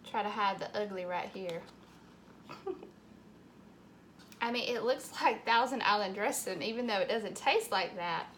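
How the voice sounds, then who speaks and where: A woman's voice: medium pitch, a little slow, pauses often, fairly bright tone, slight background noise. A woman hosting a cooking channel, talking through a recipe in a plainspoken, matter-of-fact way. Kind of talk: casual recipe demonstration.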